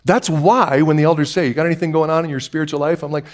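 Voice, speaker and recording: A male pastor preaching a sermon, swinging from hushed, slow lines to loud, excited bursts and repeating words for emphasis. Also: a little high.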